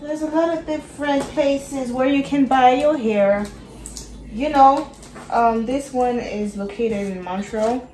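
Slow, chatty woman vlogging in a roomy space. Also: high-pitched, warm tone. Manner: chatty, searches for words, many fillers. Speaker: art vlogger. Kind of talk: casual vlog chat to camera. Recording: roomy echo with background music. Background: music playing.

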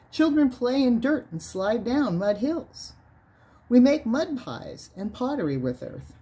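A woman reading a nonfiction book aloud in a measured way, lifting her voice on key words. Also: fairly high pitch, warm tone. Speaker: reader of a book on sound healing.

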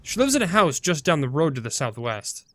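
A man's voice: fairly high pitch, very animated, a little fast, no echo. A man doing a fretful cat owner. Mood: worried. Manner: anxious, fussing, lifted delivery. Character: fretful man worried about his missing cat.

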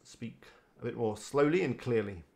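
A man's voice: medium pitch, lively intonation, moderate pace, gravelly, a little mellow. A man chatting casually on a live stream, rambling and greeting viewers by name. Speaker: live-streaming website builder.

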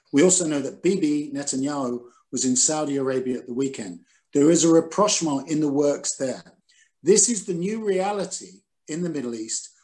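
An older man, a former newspaper editor, giving measured, analytical answers in an interview over a video call, with frequent ums and restarts. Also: on the high side, dark tone.

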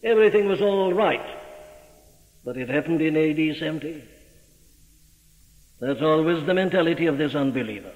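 Man preaching, kinda high voice, emphatic, lots of questions at you, old muffled tape. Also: a little fast, a little mellow. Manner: emphatic, rhetorical questions to the listener. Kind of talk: sermon. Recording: dull old recording, long hall reverb.

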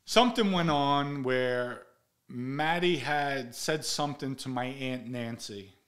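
A man's voice: medium pitch, slow pace, fairly bright tone. An older man from the Bronx, hosting a show and telling stories in a blunt, profane, casual way, raising his voice when he acts out quotes. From the Bronx, New York. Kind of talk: casual storytelling monologue.

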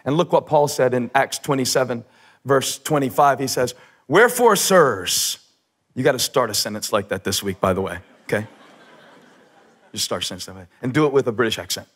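A man preaching a sermon on a church stage, animated, shouting for emphasis and tossing in joking asides. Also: mid-range voice, fairly quick, slightly rough. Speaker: pastor.

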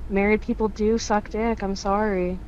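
A woman's voice: medium pitch, level tone, normal speed, a little mellow, highs cut off, slight background noise. A woman calling in to a show, roasting another caller in a dry, mocking way. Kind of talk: call-in roast.

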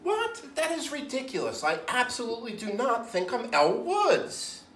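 A man's voice: extremely high pitch, huge pitch swings, normal speed, fairly bright tone, exaggerated voice. A man playing his melodramatic, sarcastic teenage daughter. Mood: dramatic. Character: dramatic teenage daughter, young woman. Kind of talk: comedic impression. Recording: echoey room, far from mic, faint music.

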